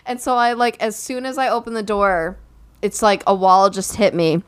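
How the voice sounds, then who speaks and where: A young woman recounts a story in a loose, chatty way, filling her sentences with "like". Her voice is smooth and clean, and she often turns to address her listeners directly. She speaks at an ordinary middle pitch. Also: moderate pace. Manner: animated storytelling, lots of "like" fillers. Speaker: podcast co-host and recent bride. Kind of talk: casual chat.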